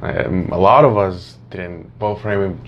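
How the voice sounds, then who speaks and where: Hesitant man with a lowish voice. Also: unhurried, highs cut off, a little hiss or hum. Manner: hesitant, hedging with fillers. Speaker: podcast co-host. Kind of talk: casual chat.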